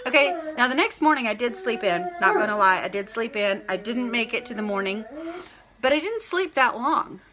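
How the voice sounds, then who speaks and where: A middle-aged woman, chatting casually to camera in a rambling, excited way, full of "like" and "literally" and greeting viewers by name. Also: a little high, moderate pace. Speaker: vlogger.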